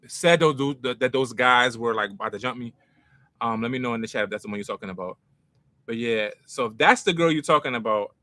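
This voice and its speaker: A man's voice: mid-range voice, pushed and bright, no room sound. A young man from North Philadelphia with a Philadelphia accent, telling stories in a casual, self-mocking way with street slang as a podcast host. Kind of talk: casual storytelling to a live chat.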